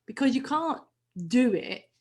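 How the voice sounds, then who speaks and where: A woman's voice: sits high, lively intonation, measured pace, a little mellow. A woman in a casual group conversation, telling a personal story reflectively and restarting her phrases often. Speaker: regular discussion member.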